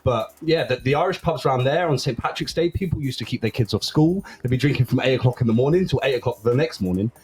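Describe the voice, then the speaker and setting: Fast-talking guest. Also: male voice, mid-range voice, darkish tone, slightly rough. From Luton, England. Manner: chatty, nostalgic storyteller. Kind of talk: casual banter.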